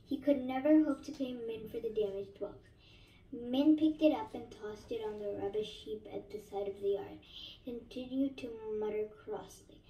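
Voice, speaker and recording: A woman reads a novel aloud in a steady way, fixing small slips as she goes. Her voice is mellow and pitched somewhat high. She sounds off-mic in an echoey room. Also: normal speed, far from the mic, a little hiss or hum. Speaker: narrator.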